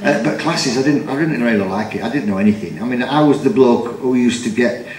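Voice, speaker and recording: A man's voice: mid-range voice, brisk, echoey room, distant mic, crowd noise, rough recording. A man telling comic stories on a chat show, chuckling and breaking into impressions. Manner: jokey, chuckles through his stories, drops into impressions. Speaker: comedian guest. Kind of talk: chatty anecdotes on a talk show.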